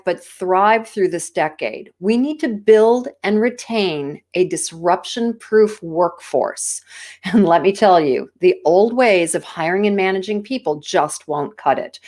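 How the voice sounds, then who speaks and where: A woman's voice: on the low side, darkish tone. A woman with an American accent giving an enthusiastic, polished business presentation as a guest speaker. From United States. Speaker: keynote speaker.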